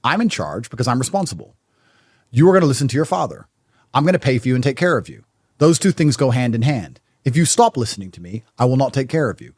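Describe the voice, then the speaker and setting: A man's voice: medium pitch, big pitch swings, fast, darkish tone, husky. A man speaking as a guest in a podcast conversation, blunt and emphatic in his statements.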